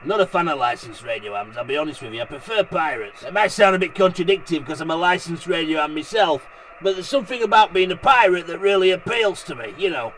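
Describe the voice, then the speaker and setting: Grumbling, high-voiced radio ranter. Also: male voice, lively intonation, quick pace, a bit bright. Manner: blunt, swearing, grumbling. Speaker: radio hobbyist vlogger. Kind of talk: casual ranting vlog. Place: vehicle parked on a hilltop outdoors.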